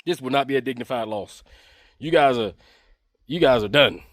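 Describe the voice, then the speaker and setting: A man's voice: medium pitch, lively intonation, moderate pace, dry recording, clean studio sound. A man giving a taunting, mocking political commentary rant to camera, repeating his jabs over and over. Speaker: online commentator.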